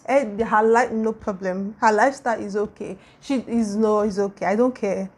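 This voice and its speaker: A young Nigerian woman with a Nigerian accent, talking casually in a vlog and gushing with warm, repetitive praise. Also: medium pitch, steady tone, moderate pace. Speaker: YouTuber.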